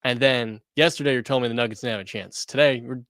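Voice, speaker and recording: A man on a sports panel, talking in a quick, defensive, analytical way. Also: mid-range voice, steady tone, fairly bright tone, no echo, clean studio sound. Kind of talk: casual sports debate.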